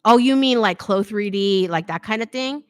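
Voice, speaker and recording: A middle-aged woman hosts a relaxed live Q&A and reads viewer comments aloud. She talks loosely and laughs easily, with plenty of "like" between her thoughts. Her voice sits at an ordinary pitch, and the recording is dry and close. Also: normal speed, clean tone, dry recording. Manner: chatty, laughs often, says "like" a lot. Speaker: fashion YouTuber hosting a live Q&A. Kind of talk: casual livestream chat reading comments.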